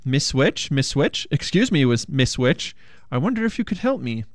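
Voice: mid-range voice, sing-song, normal speed, dry recording, studio quality, natural voice. A storyteller voicing a whiny, flustered young prince who stammers politely. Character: anxious, whiny Frog Prince, young man.

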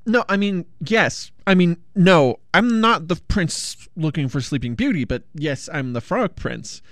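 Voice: mid-range voice, expressive, unhurried, fairly bright tone, no room sound, clean studio sound, pitched above the performer's own voice. A storyteller voicing a whiny, flustered young prince who stammers politely. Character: anxious, whiny Frog Prince, young man.

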